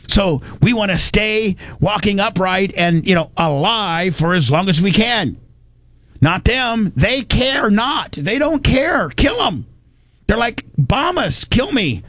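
A man's voice: fairly high pitch, fairly bright tone, no room sound. A man hosting a talk radio show, blunt and sarcastic with crude remarks. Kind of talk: mocking talk radio commentary.

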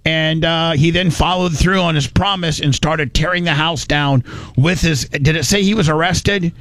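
A man hosts a talk radio show with a slightly higher voice than most. He rambles, jokes and restarts his sentences. The studio sound is dry and close. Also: normal speed, fairly bright tone, dry recording. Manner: rambling, self-correcting, joking. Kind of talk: casual talk radio with ad reads.

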